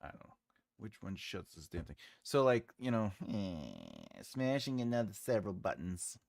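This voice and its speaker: Male stream host, jokey and rambling, lively pitch, dry close sound, mutters while writing. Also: normal speed, vocal fry, dry recording. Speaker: writer and livestream host. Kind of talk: casual livestream chat while drafting.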